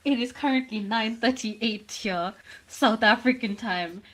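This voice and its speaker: A woman casting a live esports match, playful in banter and quick in her play-by-play calls. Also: on the high side, background noise. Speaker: esports caster.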